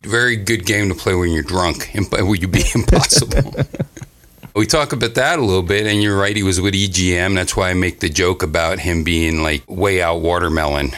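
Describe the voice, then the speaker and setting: A man co-hosting a casual gaming podcast, animated and jokey, often laughing. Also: sits low, normal speed. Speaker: podcast co-host. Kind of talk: casual chat.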